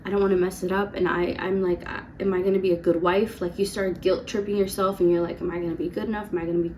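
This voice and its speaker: Woman, twenties, chatty storytime vlogger, filler-heavy and animated, faint hiss behind. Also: lowish voice. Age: 20s. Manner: chatty, lots of "like", quick laughs. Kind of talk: casual storytime vlog.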